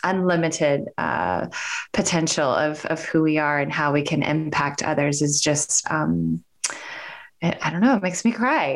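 A middle-aged woman speaking as a podcast guest, emotional and hesitant, with many pauses and fillers. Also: low-pitched. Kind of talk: interview conversation.

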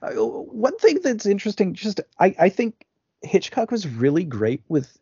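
A man's voice: high voice, very animated, moderate pace, dark tone, husky, no echo. A man co-hosting a podcast, recapping a film in casual talk, rambling with lots of fillers and restarts. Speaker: podcast co-host. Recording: dull lo-fi dry sound.

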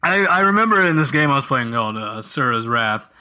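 A man co-hosting a casual gaming podcast, jokey and animated, often slipping into silly voices. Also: medium pitch, fast. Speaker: podcast co-host.

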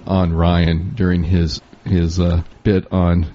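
A man's voice: low-pitched, flat delivery, slow, warm tone. A man hosting a podcast, affirming guests with short replies and laughing easily. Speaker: podcast host. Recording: dull lo-fi audio.

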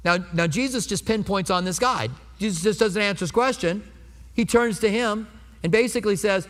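A man's voice: high-pitched, normal speed, fairly bright tone, big-room sound. A pastor in his fifties preaching a sermon in a conversational way, asking the congregation rhetorical questions.

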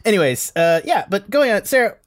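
A man's voice: sits high, very animated, a little fast, no room sound, studio quality. A man chatting casually as a podcast film reviewer, rambling and self-deprecating with many restarts.

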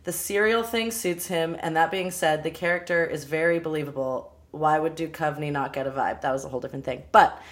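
A young woman chatting casually about a film, animated and quick to laugh. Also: sits low. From Los Angeles area, US. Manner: animated, laughs often, quotes people in voices. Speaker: podcast co-host.

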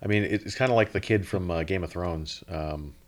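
Low-voiced stammering podcast co-host, man. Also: brisk. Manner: stammering restarts, laughs often. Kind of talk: casual chat.

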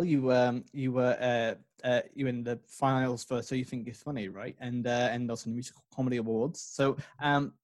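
A man's voice: mid-range voice, no echo. A man hosting a casual interview with a comedian, rambling with many fillers and restarts. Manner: rambling, lots of fillers and restarts, laughs often. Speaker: podcast host interviewing a comedian. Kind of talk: casual chat.

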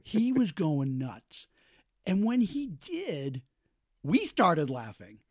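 A man, a podcast host, telling a casual and lively story about watching a film, acting out quotes with lots of fillers. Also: on the high side, takes it slowly, dry recording, studio quality. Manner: animated, acts out quotes, many fillers.

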